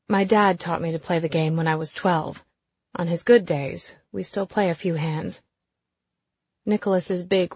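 A woman reading a first-person audiobook in an even, intimate storytelling voice. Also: fairly low pitch, husky, no echo, dull audio. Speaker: audiobook narrator.

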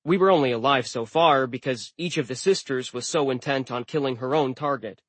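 A man's voice: medium pitch, a little fast, no echo. Man narrating wryly in a dry booth. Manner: wry, deadpan humor. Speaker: audiobook narrator. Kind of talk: scripted narration.

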